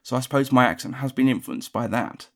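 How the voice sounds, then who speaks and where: Young guy from surrey, near-rp accent, quick rambly talk. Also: medium pitch, fairly bright tone. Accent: Surrey English, close to received pronunciation. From Surrey, England. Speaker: dialect archive speaker. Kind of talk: reading a passage then casual talk.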